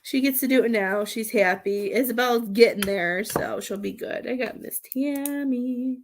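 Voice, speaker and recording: A woman psychic medium gives a live reading in a slightly high voice. She rambles and doubles back on herself, often restarting mid-sentence. She addresses sitters with affectionate pet names. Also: slight background noise. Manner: halting, rambling, frequent restarts.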